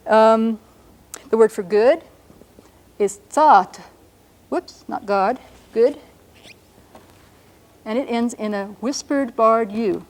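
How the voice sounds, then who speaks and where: A woman teaching a language lesson on a broadcast show, patiently explaining and slowing down to sound out words. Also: on the high side, a little mellow.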